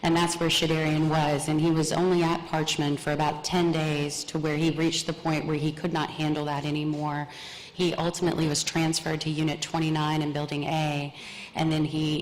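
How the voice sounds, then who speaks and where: Low, flat-voiced woman lawyer in a hall. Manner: measured, explanatory, with frequent "right?" checks. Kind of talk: panel discussion. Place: conference hall stage. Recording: echoey hall with faint hiss.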